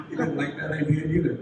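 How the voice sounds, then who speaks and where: A man's voice: a little high, normal speed, background noise. Older man telling a folksy tale, echoey hall. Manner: folksy, animated storytelling with chuckles. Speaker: retired English teacher. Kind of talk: anecdote at a class reunion. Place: reunion hall. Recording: echoey hall recorded from far off.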